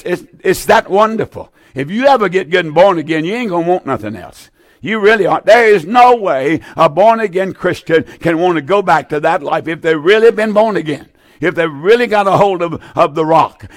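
A man's voice: fairly high pitch, dry recording, studio quality. An older man preaching on a call-in gospel broadcast, fervent and folksy, with many "uh" fillers. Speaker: radio preacher taking calls.

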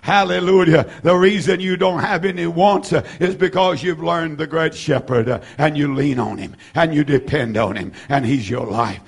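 A man in his seventies preaching a fervent sermon, repeating phrases, rising to shouts and filling gaps with "uh". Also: fairly high pitch, normal speed, gravelly, hardly any pauses, husky. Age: 70s. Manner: fervent, repetitive preaching with frequent "uh" fillers and shouted peaks. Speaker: pastor.

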